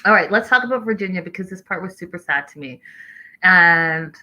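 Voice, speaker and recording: A woman's voice: on the low side, animated, brisk, bright, forceful tone, rough recording. A woman host talking casually through a reality show recap, reading out live chat messages as she goes.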